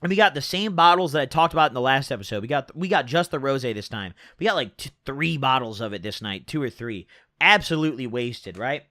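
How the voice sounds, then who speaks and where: Young male vlogger, casual storytime, bright lively voice, dry close recording. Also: mid-range voice, brisk, no echo. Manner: rambling slangy storytelling with many fillers.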